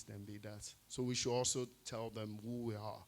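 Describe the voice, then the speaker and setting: A man speaking at an event, thanking the host in a halting way. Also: mid-range voice, fairly even intonation, darkish tone. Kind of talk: speech at a live event.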